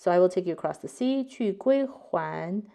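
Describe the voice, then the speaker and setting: A woman's voice: lowish voice, lively intonation, moderate pace, creaky, mellow. A woman hosting a casual language lesson, chatting with frequent ums and likes as she reads out card text in two languages. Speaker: card game channel host.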